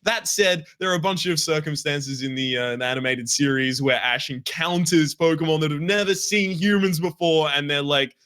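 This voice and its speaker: Bright-voiced sardonic young man. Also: on the high side, brisk, hardly any pauses, clear, resonant tone. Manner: sardonic, swears freely. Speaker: gaming podcast co-host. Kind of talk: casual chat.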